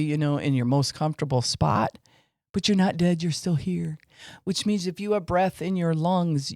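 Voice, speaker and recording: A man's voice: on the high side, a little mellow, no echo, studio quality. A man teaching on faith and emotions in an informal podcast talk, with fillers, acting out what people say.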